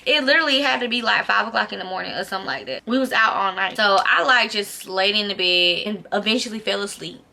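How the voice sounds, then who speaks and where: A woman's voice: medium pitch, fast talker, creaky, hardly any pauses. A young woman vlogging a storytime, casual and profane, filling her talk with "like". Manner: casual, profane, animated retelling with filler "like". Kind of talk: storytime vlog.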